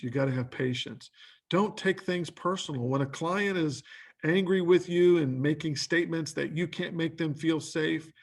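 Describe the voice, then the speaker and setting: A man giving a training lecture who talks in lists of short questions and acts out quoted lines. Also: mid-range voice.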